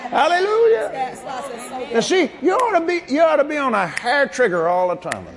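A man preaching a fervent sermon, shouting and laughing as he goes. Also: very high-pitched, sing-song, a little fast. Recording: reverberant hall with a crowd.

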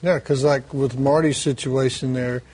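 A man's voice: mid-range voice, steady tone, moderate pace, darkish tone, slightly rough. A man in a casual Christian conversation, agreeing with his partner and talking loosely with fillers. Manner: casual, agreeing, uses fillers like "you know".

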